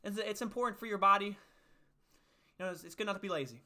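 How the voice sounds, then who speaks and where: A man's voice: high-pitched, fast, bright, forceful tone. A young man hosting a casual faith livestream, upbeat and chatty, reading and answering viewers' chat. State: out of breath after push-ups. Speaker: livestream host.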